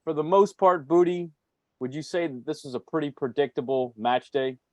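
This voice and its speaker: A man's voice: fairly high pitch, moderate pace, a little mellow, no echo. A man co-hosting a casual soccer podcast, enthusiastic and laughing often. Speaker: podcast co-host. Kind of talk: casual chat.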